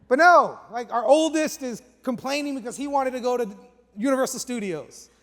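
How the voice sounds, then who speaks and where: High-voiced pastor preaching in a reverberant hall. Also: male voice, moderate pace. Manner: lively storytelling, dropping to hushed asides. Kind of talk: sermon.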